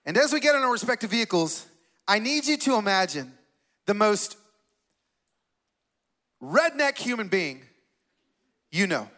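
A man preaching a sermon in a conversational, animated way, telling a personal story and asking the congregation questions. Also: high voice, measured pace, long pauses. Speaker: pastor.

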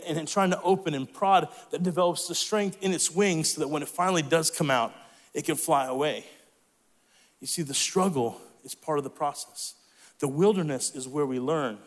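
A young man with a high voice preaches to his congregation. He talks in a relaxed, chatty way and retells stories with quick restarts. His voice rings with a long reverb, as if he is in a large hall. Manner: conversational, animated storytelling with fillers and restarts. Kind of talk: sermon.

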